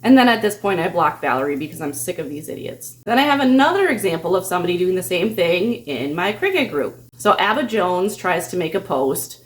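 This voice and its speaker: A woman's voice: fairly low pitch, big pitch swings, a little fast, few pauses. Sarcastic woman telling a vlog story. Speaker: craft vlogger.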